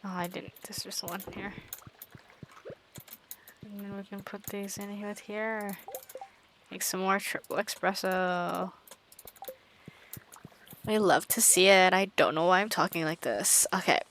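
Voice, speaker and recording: A woman streaming a game in casual let's-play commentary, chatty and talking through each of her moves with quick self-aware asides. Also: mid-range voice, steady tone, background noise.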